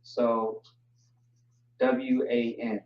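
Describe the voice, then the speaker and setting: Over a distant, roomy, dull-sounding mic, a man with a medium pitch teaches a language class online. He's laid-back and joking, taking his time to spell out words.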